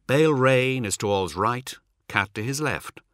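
A man reading a novel aloud as narrator, measured and dramatic. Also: medium pitch, animated, a bit bright, clear, resonant tone, no echo, clean studio sound. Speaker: audiobook narrator. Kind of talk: scripted narration.

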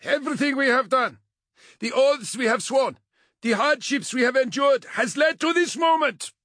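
A man voicing a scarred female officer who gives an impassioned, shouted battle speech to her troops in an audiobook. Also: extremely high pitch, a little slow, dry recording, clean studio sound, voice pushed up. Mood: rallying.

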